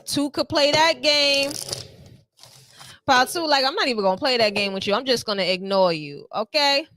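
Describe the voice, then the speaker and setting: A woman's voice: high-pitched, lively intonation, moderate pace, fairly bright tone, dry recording. A woman giving a tarot reading to her viewers, sassy and playful, full of slang and little acted-out quotes. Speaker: tarot reader.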